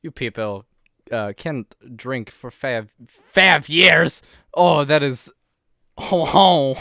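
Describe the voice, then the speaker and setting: A man's voice: a little high, expressive, takes it slowly, pushed and bright, no echo, clean studio sound, exaggerated voice. A man voicing a tipsy young woman from Quebec in a text adventure, with a patchy put-on French accent and a slurred, exaggerated delivery. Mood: boastful. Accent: put-on French, partial.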